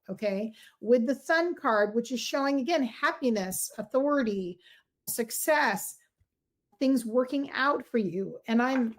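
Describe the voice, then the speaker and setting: Chatty woman reading tarot on a livestream. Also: fairly high pitch. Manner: chatty, warm, effusive, talks to viewers directly.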